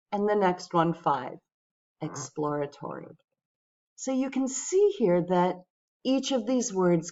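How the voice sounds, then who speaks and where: A woman teaching English pronunciation, speaking patiently and clearly to her viewers. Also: fairly low pitch, darkish tone, dull audio. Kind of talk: pronunciation lesson.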